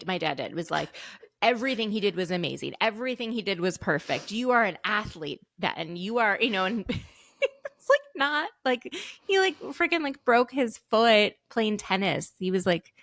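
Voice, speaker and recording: A woman's voice: mid-range voice, expressive, moderate pace, dry recording. Chatty woman telling stories, dry sound. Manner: chatty, many "like" fillers, laughs often. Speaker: podcast co-host. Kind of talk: casual chat, storytelling.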